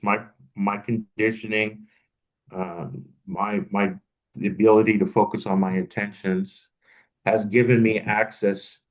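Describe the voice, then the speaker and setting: A man's voice: on the low side, poor audio. A man co-hosting a podcast, speaking reflectively and thinking aloud, often restarting his sentences. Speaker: podcast co-host. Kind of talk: casual podcast conversation.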